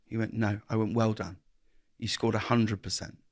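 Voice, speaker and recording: Earnest man, halting and reflective. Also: lowish voice, little pitch movement, dry recording, clean studio sound. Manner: earnest, halting restarts, acts out dialogue. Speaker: guest. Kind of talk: reflective interview conversation.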